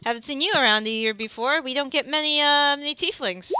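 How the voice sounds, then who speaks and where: A woman's voice: sits high, brisk, pushed and bright, pitched above the performer's own voice. A woman voicing a heavy-set, friendly middle-aged male blacksmith with a hesitant way of talking. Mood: genial.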